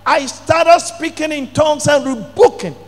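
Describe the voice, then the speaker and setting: A middle-aged male pastor, telling a testimony in a sermon with dramatic bursts of shouting. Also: extremely high pitch, a little slow. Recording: long hall reverb.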